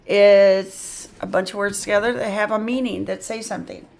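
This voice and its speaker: A woman's voice: medium pitch, fairly even intonation, moderate pace, creaky, a little mellow. A woman tutoring phonics, patiently sounding out letters and words, with chatty asides of "yep" and "mm-hmm". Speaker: reading tutor. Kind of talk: phonics lesson.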